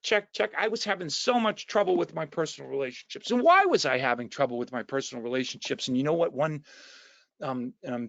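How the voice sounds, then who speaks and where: A man with a New Jersey accent giving an earnest, halting personal share at an online recovery meeting, full of restarts and fillers. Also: a little high, gravelly, a bit bright, no room sound. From New Jersey, USA. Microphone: video call mic. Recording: dull, lo-fi dry online call audio.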